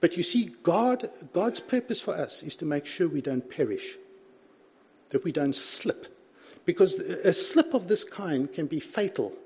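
A man's voice: fairly high pitch, animated, measured pace, a little mellow, breathy edge. A man preaching a sermon in an earnest, conversational way, often saying "you see" and reading scripture aloud. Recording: dull lo-fi recording.

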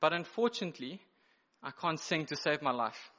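A man preaching an evening sermon, explaining scripture in an emphatic teaching manner with measured pauses and occasional self-corrections. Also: on the high side, animated, bright, forceful tone. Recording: dull lo-fi recording.

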